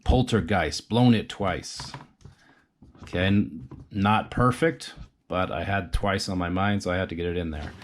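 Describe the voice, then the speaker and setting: A man teaching a casual rhyming tutorial, thinking aloud and slowly trying out rhymes. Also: deep voice, fairly even intonation, fairly bright tone. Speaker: rhyme coach.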